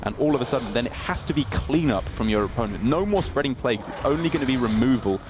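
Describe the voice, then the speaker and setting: A man commentating a live game, working through the plays aloud and breaking into excitement at the big moments. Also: mid-range voice, fast talker. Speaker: esports commentator.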